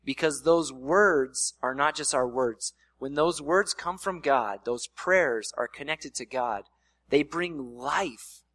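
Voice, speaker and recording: A man's voice: a little high, slow, fairly bright tone, no room sound. Conversational male pastor, dry sound. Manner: conversational preaching with playful voiced asides. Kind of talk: sermon.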